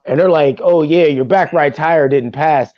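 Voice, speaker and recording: A man's voice: on the high side, moderate pace. A man co-hosting a casual sports podcast, ranting in exasperation. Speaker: podcast co-host. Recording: dull muffled dry mic.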